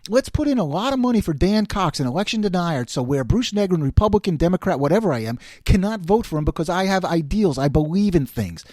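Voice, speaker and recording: Casting note: middle-aged male podcast host, sarcastic, lively swinging pitch, mellow tone, dry close sound. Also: quick pace, hardly any pauses, no echo. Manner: animated, sarcastic, quotes others in put-on voices. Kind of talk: opinionated political commentary monologue.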